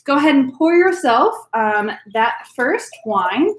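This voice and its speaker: A woman's voice: sits high, animated, slow. A woman hosting a live-streamed virtual wine class, chatty and upbeat, with lots of "um" fillers. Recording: roomy echo.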